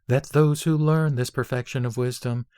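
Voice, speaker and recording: A man reading an old Buddhist scripture aloud in a measured, solemn recitation, pacing out long lists phrase by phrase. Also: mid-range voice, steady tone, warm tone, clean tone, no echo, studio quality.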